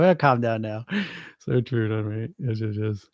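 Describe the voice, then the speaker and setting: A man's voice: medium pitch, measured pace, vocal fry, darkish tone, no room sound, clean studio sound. A man hosting a solo weight-loss podcast, speaking bluntly and swearing often while firing off rhetorical questions and acting out his listeners' excuses. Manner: blunt, profane, rhetorical pep-talk; mimics listeners' excuses mid-rant.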